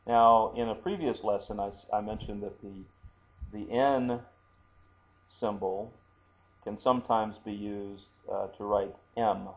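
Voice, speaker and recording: A man teaching a language lesson, talking slowly and haltingly with many fillers and repeating words for pronunciation. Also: on the low side, steady tone, highs cut off. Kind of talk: screen-recorded language lesson.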